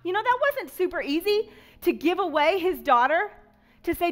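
A woman children's pastor giving an animated sermon to kids, telling a Bible story and talking straight to the children. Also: very high-pitched, normal speed.

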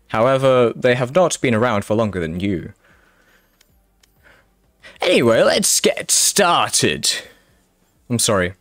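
A man's voice: mid-range voice, no room sound, clean studio sound. A male streamer chatting casually with his viewers, rambling and apologizing a lot. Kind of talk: casual live-stream chat.

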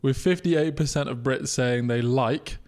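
A young podcast co-host with a medium-pitched, slightly mellow voice speaks a little slowly while chatting casually. He teases his friend, laughs a lot, and reads out survey figures.

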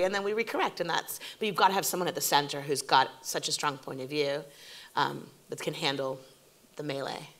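Speaking at a normal pace in a deep voice, this forties-aged TV showrunner is a guest in an onstage interview. She tells her stories with animation, performing the quotes of the people involved.

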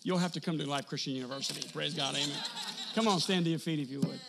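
A man preaching a storytelling sermon to a live congregation, animated, acting out dialogue and building to bursts of laughter and shouting. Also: fairly high pitch, quick pace, gravelly, over loud music. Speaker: pastor. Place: church service before a congregation.

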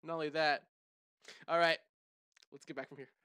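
A young gaming channel host reacting to a movie trailer, hyper and loud, shouting and laughing. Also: mid-range voice, flat delivery, normal speed, noisy background. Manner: hyper, shouts and laughs, lots of "bro" and "oh my gosh".

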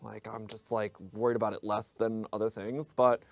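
A man playing a passive-aggressive assassin in a deadpan, mock-menacing drawl, in an improvised comedy game. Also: on the low side, moderate pace, creaky, no room sound, pitched below the performer's own voice. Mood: smug. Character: passive-aggressive male assassin called the Shadow. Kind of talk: improvised comedic role-play.

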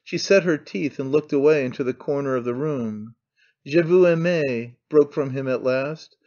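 A man narrating an audiobook in a measured, even storytelling manner. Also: mid-range voice, dull audio. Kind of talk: scripted narration.

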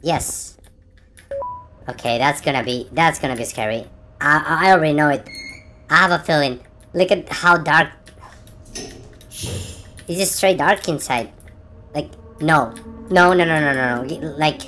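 A woman's voice: sits low, a little slow, pauses often, a bit bright, a little hiss or hum. A woman hosting a gaming channel, reacting to a horror game in her room with jumpy, frightened exclamations and gasps. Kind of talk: horror game let's play commentary. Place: own room at home.

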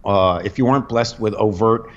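A middle-aged man, a comedian guest, telling a long rambling story on a podcast, animated and full of restarts. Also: lowish voice, normal speed. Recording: dull lo-fi podcast audio.

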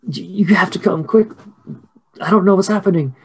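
A man's voice: mid-range voice, fairly quick, darkish tone, husky. A man voicing a distraught mother who pleads and scolds in a panic during a tabletop horror game. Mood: panicked. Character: frantic distraught mother, adult woman.

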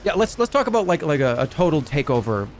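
A man's voice: a little high, very animated, fast talker, faint music behind. A man streaming a game, chatting casually, swearing and flying into frustrated outbursts. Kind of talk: casual gaming stream chat.

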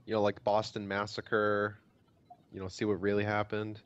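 A man's voice: fairly low pitch, monotone, normal speed, smooth, muffled recording. A young man hosting a casual chat over a voice call, laid-back, stumbling over his words and swearing casually. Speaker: podcast host. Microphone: computer mic on a voice call.

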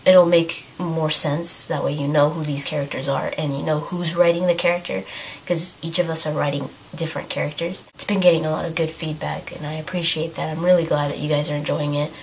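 A woman's voice: low voice, little pitch movement, brisk, slight background noise, low-quality recording. A woman who is losing her voice, casually rambling about a video game as the host of her own channel and restarting her sentences often. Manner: rambling, thinking aloud with many restarts. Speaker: YouTube gaming channel host. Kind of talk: casual talk to camera.

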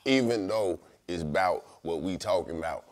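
A man co-hosting a comedy podcast, profane and lively, often talking over the others. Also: sits low, moderate pace. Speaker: podcast co-host. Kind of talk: casual comedic chat.

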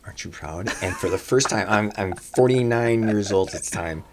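Against a noisy background, a man who runs restaurants shares personal stories as a guest, his voice lowish and his pace moderate. His long anecdotes are full of "uh" fillers and restarts, and he drops casual swears along the way.

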